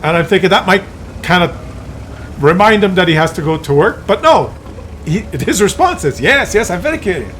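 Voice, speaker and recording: A man vlogging, telling a comic story to camera in an exasperated, animated way with many restarts. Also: sits high, normal speed, slight background noise.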